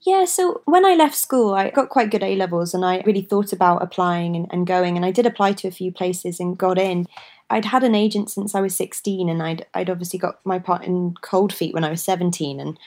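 A woman's voice: on the low side, fairly quick, darkish tone. A woman in her twenties chatting as an interview guest, laughing often and hedging her words. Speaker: actress, guest. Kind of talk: casual interview chat.

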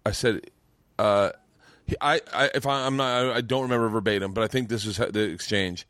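Male podcast host and comic, animated storyteller who stumbles and swears, mid-pitched voice, dry close sound. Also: a little fast, dry recording. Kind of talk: casual chat. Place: home mancave.

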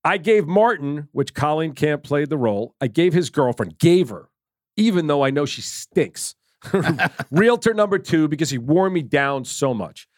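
A man hosting a podcast, telling stories in an animated way, swearing and laughing as he goes. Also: on the high side, normal speed, dry recording, clean studio sound. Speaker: podcast host and director. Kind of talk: casual storytelling chat.

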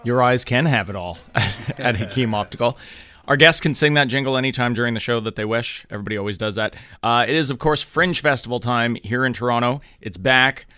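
A man's voice: medium pitch, a little fast, pushed and bright, clean tone, no room sound, faint music behind. A man hosting a comedy talk radio show from a studio, chatting easily with plenty of fillers. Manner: easygoing, rambling with fillers. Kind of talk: casual talk radio chat. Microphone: studio microphone.

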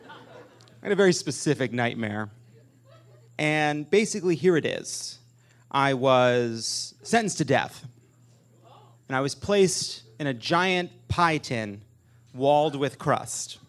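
A man hosting a live comedic political talk show on stage, joking and animated, with loud emphatic bursts. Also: mid-range voice. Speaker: podcast host.

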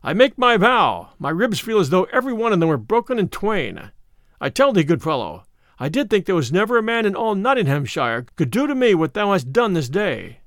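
A man's voice: high voice, sing-song, brisk, fairly bright tone, no echo, studio quality, heavily acted. A man voicing a burly outlaw who has been beaten, roaring and grumbling in archaic speech.

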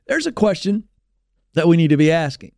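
A man with a high-pitched, lively voice delivers a sarcastic opinion rant as a talk-show host. His pitch swings widely as he mocks and exaggerates. The sound is dry and close, as if from a studio microphone. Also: brisk, gravelly, dry recording. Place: radio studio.

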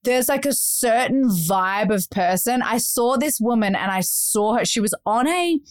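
Lively woman telling stories. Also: a little high, measured pace, dry recording, clean studio sound. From Australia. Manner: animated storytelling, laughs often, acts out voices. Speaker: podcast host. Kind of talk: casual chat.

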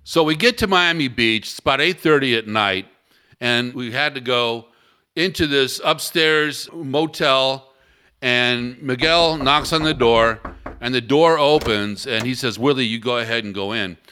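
A man telling his own story in a blunt, animated, casual way, swearing freely. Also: mid-range voice, measured pace, slight background noise. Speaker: interviewee.

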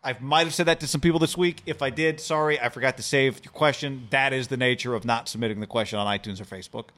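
A man's voice: medium pitch, a bit bright. A man co-hosting a casual sports podcast, rattling through ad reads and mailbag questions. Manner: rapid ad reads, playful. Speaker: podcast co-host.

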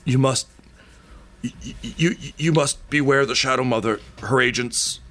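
A man's voice: mid-range voice, normal speed, bright, forceful tone, voice pushed up, close to an everyday voice. A man voicing a dying, massive, crude but loyal man who swears while gasping out urgent warnings. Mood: dying urgency.

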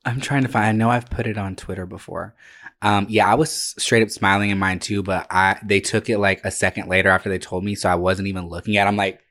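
A man's voice: lowish voice, flat delivery, quick pace, a bit bright. A man chatting casually as a podcast co-host, gushing and slangy, often restarting his sentences. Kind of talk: casual chat.

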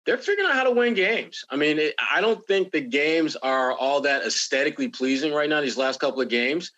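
Animated rambling man on dull audio. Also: fairly high pitch, brisk. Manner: rambling, animated, many restarts. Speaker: podcast co-host. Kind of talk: sports podcast chat.

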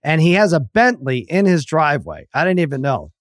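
Laughing man with a higher voice telling prank stories. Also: wildly swooping pitch, fairly quick, no echo, clean studio sound. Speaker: podcast regular, comedy writer. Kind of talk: casual chat.

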